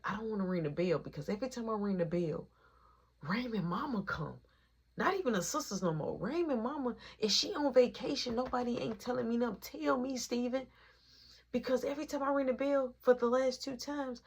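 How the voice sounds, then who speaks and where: A woman's voice: fairly low pitch, breathy edge. A woman casually telling a long personal story in slang, acting out each quoted line of dialogue in its own voice.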